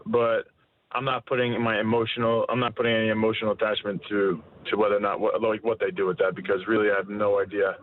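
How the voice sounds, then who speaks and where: A man in his thirties, a fighter being interviewed, talking candidly with halting restarts. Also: on the low side, level tone. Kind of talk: casual interview answers. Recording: tinny phone line with faint noise.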